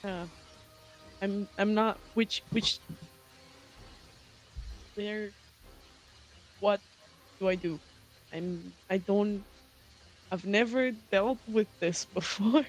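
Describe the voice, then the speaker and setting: A man taking part in a tabletop role-play game. He talks slowly and hesitantly, often stammering and restarting. His voice sits high. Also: fairly even intonation, faint music behind, poor audio. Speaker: player.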